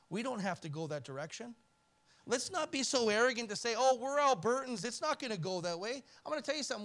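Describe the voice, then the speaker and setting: A male pastor with a notably high voice delivers a church sermon. He swings between forceful, raised emphasis and hushed, almost whispered pleading, giving the preaching a dramatic push and pull. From Canada.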